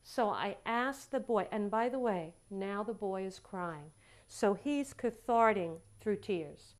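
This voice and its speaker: During a lecture, a woman counselor recounts a story from a session, slowly and in a mid-range voice. She is animated and emphatic, repeating herself for effect and acting out both sides of the conversation.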